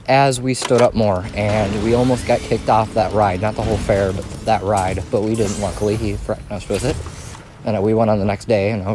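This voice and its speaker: A man's voice: lowish voice, darkish tone. A young man telling a rambling, profane story in a casual vlog. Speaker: storytime vlogger.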